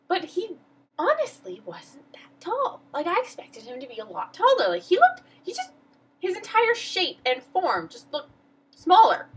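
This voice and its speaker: A woman's voice: sits high, sing-song, moderate pace, bright, forceful tone, poor audio. A teenage girl vlogging, telling a story in a rambling, flustered, self-mocking way. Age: teens. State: emotional. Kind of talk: casual storytelling vlog.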